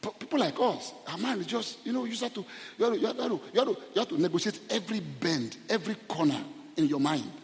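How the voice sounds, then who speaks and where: Nigerian pastor guy preaching, joking around, highish voice, big church reverb. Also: fast talker, vocal fry, few pauses. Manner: humorous, animated, repeats words. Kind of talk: sermon. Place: church hall.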